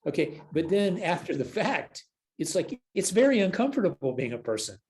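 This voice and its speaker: A man's voice: high voice, moderate pace, rough recording. An older man, a counselor and spiritual leader, talking casually as a podcast guest and acting out the voices he quotes. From United States. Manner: animated storyteller who acts out quoted voices. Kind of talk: casual storytelling conversation.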